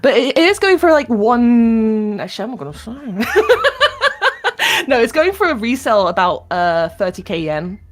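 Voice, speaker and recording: A woman's voice: a little high, big pitch swings, brisk, hardly any pauses. A young British woman chatting casually as a guest, giggly and rambling. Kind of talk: casual streamed chat.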